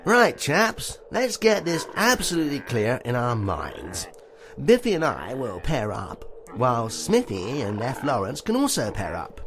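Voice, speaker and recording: A man's voice: medium pitch, wildly swooping pitch, unhurried, a little hiss or hum. A man acting in a comic radio sketch with hearty upper-class bluster.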